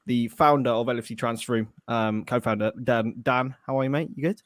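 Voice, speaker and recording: A man's voice: mid-range voice, fairly even intonation, fairly quick, no room sound. Chatty male podcast host, dry sound. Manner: chatty, loose, restarts often. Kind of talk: casual live-stream chat.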